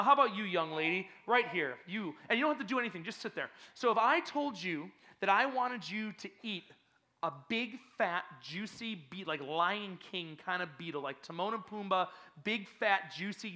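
A high-sitting male voice belongs to a youth pastor in a church hall, who energetically teases a group of kids and quizzes the audience with playful questions.

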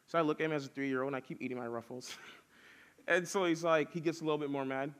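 A man's voice: fairly high pitch, fast, a bit bright. A man preaching casually to young people, telling stories with lots of fillers. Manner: chatty storytelling with many fillers. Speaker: youth pastor.

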